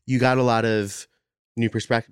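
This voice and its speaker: A man's voice: medium pitch, flat delivery, normal speed, clear, resonant tone, dry recording, clean studio sound. A man hosting a podcast interview, asking earnest, thoughtful questions that stop and restart. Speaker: podcast host.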